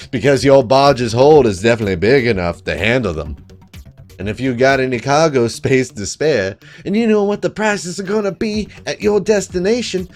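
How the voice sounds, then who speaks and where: A man's voice: mid-range voice, close to an everyday voice. A man doing a folksy southern fishman captain. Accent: American Southern (put on). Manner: easygoing, chatty advice-giving.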